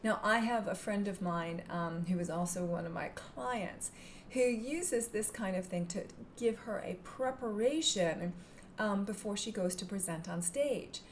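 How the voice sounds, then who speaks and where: A woman teaching hypnotherapy technique in a calm, gentle manner, sometimes dropping into a soft whisper. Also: medium pitch, measured pace, a little hiss or hum. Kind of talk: instructional talk to camera.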